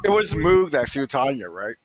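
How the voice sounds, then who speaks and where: A man's voice: mid-range voice, very animated, moderate pace, crowd noise, poor audio. A man playing a tabletop game, eager and prone to stammering restarts. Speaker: player. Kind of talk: tabletop role-play.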